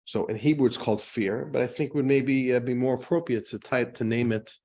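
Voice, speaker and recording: A man's voice: mid-range voice, steady tone, fairly quick, darkish tone. Man, rabbi, classroom lecture, conversational, rhetorical questions, jokes.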